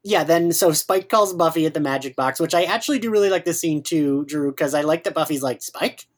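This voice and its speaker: A woman's voice: sits low, a little fast. A woman co-hosting a podcast, giggling as she recaps scenes and steers the discussion in casual chat. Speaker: podcast co-host.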